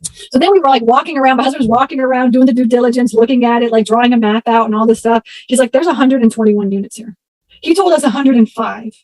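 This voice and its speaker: A woman from Texas, in her thirties, telling stories as an interview guest in a chatty, animated way. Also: fairly high pitch, quick pace, a little hiss or hum, poor audio. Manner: chatty, animated, acts out voices in anecdotes. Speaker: interview guest, storage investor. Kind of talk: casual interview storytelling.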